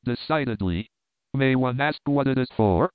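A man voicing an oily, sinister male spy, smooth and ingratiating, in a storybook reading. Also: medium pitch, animated, normal speed, no echo, lightly acted. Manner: smooth, ingratiating, fishing for confidences. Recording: tinny phone-like audio.

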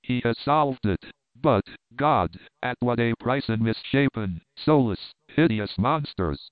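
A man's voice: medium pitch, lively intonation, no echo. A man playing a scheming, solemn doctor. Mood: grave. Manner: solemn, measured, persuasive. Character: scheming grave male doctor, middle-aged. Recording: narrow phone-like band.

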